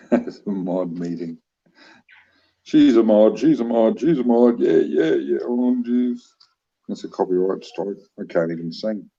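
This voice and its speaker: A man's voice: lowish voice, animated, a little slow, gravelly, warm tone, lo-fi sound. A man with a New Zealand accent, chatting casually on a livestream, joking easily and answering chat comments. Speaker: livestream co-host reading chat.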